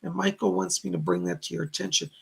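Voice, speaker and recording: A man's voice: high voice, flat delivery, fast, gravelly, fairly bright tone, slightly rough. A man hosting live-streamed psychic readings, relaying messages from spirits and thanking viewers for their donations. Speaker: psychic medium host.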